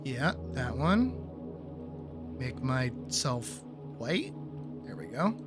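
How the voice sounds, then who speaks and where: A man chatting casually on a game stream, relaxed and talkative, answering chat and laughing often. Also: mid-range voice, drawn-out words, over loud music.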